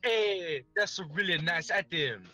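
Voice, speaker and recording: A man's voice: sits high, animated, a little slow, pushed and bright, pitched above the performer's own voice, exaggerated voice, rough recording. A man voicing an elderly antique shopkeeper with a hammy fake Italian-New York accent, in comic let's-play voice acting. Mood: wheedling. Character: elderly male antique shopkeeper, shifty salesman.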